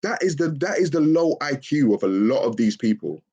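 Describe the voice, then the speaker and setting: A man hosting a live stream, talking expressively and mockingly, often leaping into shrill put-on voices. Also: sing-song, fairly quick, mellow, husky, dull audio. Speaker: livestream host. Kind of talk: animated live-stream rant.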